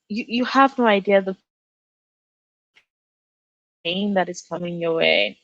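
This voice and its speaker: A young woman from Nigeria hosts a casual livestream about books. She answers her chat with lots of warmth and gushing replies. Her voice sits at a middling pitch, and the room sounds dry and close. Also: slow pace, long pauses, no echo, lo-fi sound. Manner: effusive, reads out chat and gushes, frequent laughs. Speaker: booktube livestream host.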